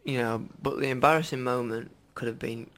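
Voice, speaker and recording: A man's voice: medium pitch, steady tone, brisk, a bit bright. A man co-hosting a radio show, telling a news story in a rambling, giggly way and acting out quotes in silly voices. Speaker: radio co-host. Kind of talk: casual comedic news chat.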